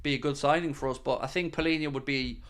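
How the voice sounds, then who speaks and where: A man's voice: mid-range voice, fairly even intonation, fast, a bit bright. A man hosting a casual live stream, chatting and answering viewer comments. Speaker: podcast host reading live chat.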